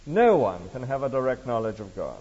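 A man's voice: mid-range voice, big pitch swings, fairly quick, a little mellow. A man preaching a sermon with emphatic, rhetorical questions to the congregation. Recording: dull lo-fi recording with long reverb.

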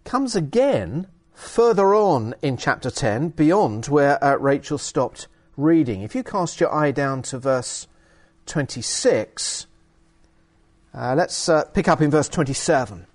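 Lively, animated male preacher. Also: on the high side, slow pace. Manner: animated, emphatic, with hesitant fillers. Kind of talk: sermon with bible reading.

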